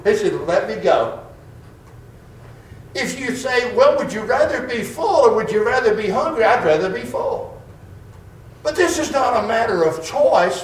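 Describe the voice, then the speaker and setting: A man preaching a sermon in a slow, emphatic way, stretching out key words. His voice is fairly high and swings widely in pitch. He sounds set back from the mic in a roomy, echoing space with a faint hiss of ambience. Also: recorded from a distance. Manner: slow, emphatic delivery with dramatic drawn-out pauses.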